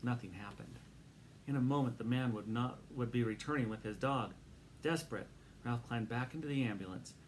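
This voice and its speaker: A man narrating a children's book aloud in a steady, expressive reading voice. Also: mid-range voice, normal speed, a little hiss or hum.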